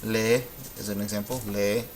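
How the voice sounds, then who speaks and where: A man teaching Spanish in a relaxed, patient way, thinking aloud as he works through examples. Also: fairly low pitch, moderate pace, slight background noise, low-quality recording. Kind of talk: informal classroom explanation.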